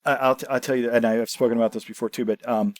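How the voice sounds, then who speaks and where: Chatty man host, middle pitch, dry close sound, animated storytelling. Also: quick pace, no room sound. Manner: animated anecdotes, frequent agreeing. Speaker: podcast host. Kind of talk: conversational podcast chat.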